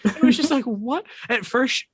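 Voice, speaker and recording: A man's voice: very high-pitched, measured pace, breathy edge, no echo. Man, casual book chat, frequent laughter, reads passages aloud, dry close mic. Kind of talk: casual book discussion with friends.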